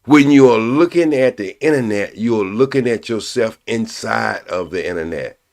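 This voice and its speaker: Older male stream host, lowish voice, preachy and crude, hammers each point twice. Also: expressive, a little mellow. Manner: preachy, repeats points slowly for emphasis; blunt and profane. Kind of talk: casual live-stream commentary.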